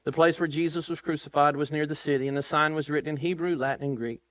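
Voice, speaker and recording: Male pastor, slightly high voice, emphatic sermon delivery, dry close mic. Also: steady tone, fast, no room sound. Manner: emphatic, rising to loud questions. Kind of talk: sermon with scripture reading. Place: church.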